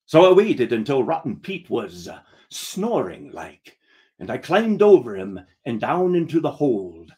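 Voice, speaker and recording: Lively male storyteller in pirate dialect. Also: a little high. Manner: pirate dialect with "be" in place of verbs. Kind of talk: comic story reading as a first-person pirate.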